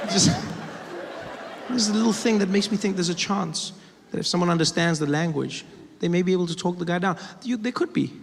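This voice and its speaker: A man doing stand-up comedy, telling a story with animated, self-mocking delivery on a theater stage. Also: sits high, brisk, vocal fry, noisy background. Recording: echoey hall with loud crowd. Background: audience laughter.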